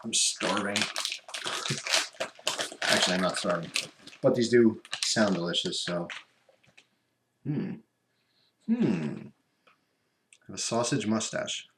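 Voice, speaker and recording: A male vlogger with a fairly low, somewhat bright voice speaks slowly and expressively, leaving long pauses. He's casually unboxing and taste-testing at his computer at home, rambling and chewing as he talks, in an echoey room with background noise.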